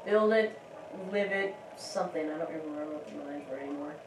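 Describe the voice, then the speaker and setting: Speaking fast in a low-pitched voice, this woman gives loose, giggly let's-play commentary over her gameplay, rambling and often restarting what she says. The mic is distant and the room audible, with faint background hiss.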